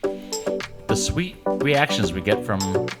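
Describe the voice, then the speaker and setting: A man's voice: lowish voice, animated, drawn-out words, over loud music. A man co-hosting a casual tasting show, chatting and reading long jokes aloud with small slips. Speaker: podcast co-host. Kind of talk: casual chat and joke reading.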